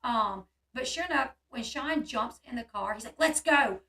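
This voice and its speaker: High, bright-voiced woman telling a story. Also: normal speed, gravelly, far from the mic. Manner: animated, acts out quoted voices. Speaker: channel host. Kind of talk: casual storytelling chat.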